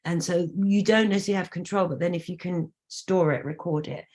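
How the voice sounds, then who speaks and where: A woman's voice: fairly low pitch, fairly even intonation, fairly quick, darkish tone. A woman hosting a casual interview on a video call, talking enthusiastically in a rambling way with many restarts. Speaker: host and singer-songwriter.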